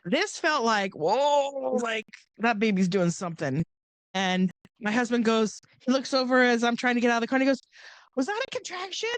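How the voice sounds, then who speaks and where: A woman's voice: normal speed, no echo. A middle-aged woman from Southern California, a podcast guest casually telling a long personal story and acting out the voices of the people in it. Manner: animated, acts out quoted voices with big pitch jumps.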